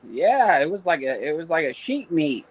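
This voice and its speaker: A man's voice: a little high, big pitch swings, moderate pace, husky, no echo. A man in casual chat, rambling through stories and crude jokes.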